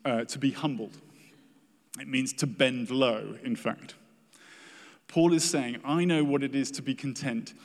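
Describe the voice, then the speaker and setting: A man's voice: mid-range voice, darkish tone. Earnest preacher man in a reverberant hall. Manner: earnest, acts out quoted complaints. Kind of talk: sermon.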